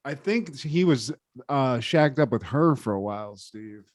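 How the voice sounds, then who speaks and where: A man's voice: medium pitch, animated, measured pace, no echo. Dry-sounding, joking male podcast host. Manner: joking and profane, laughs often. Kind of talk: casual chat.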